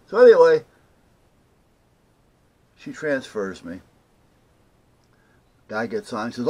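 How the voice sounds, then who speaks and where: A man's voice: mid-range voice, animated, unhurried, pauses often, darkish tone, husky. An older man telling an annoyed story to camera, indignantly acting out both sides of a phone call. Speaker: vlogger. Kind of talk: casual ranting story to camera.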